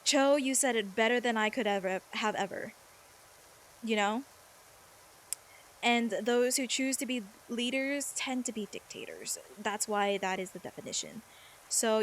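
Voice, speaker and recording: Woman, streamer, casual gaming chat, rambling, lots of fillers, faint room noise. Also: on the high side. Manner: rambling, filler-heavy, reads chat aloud.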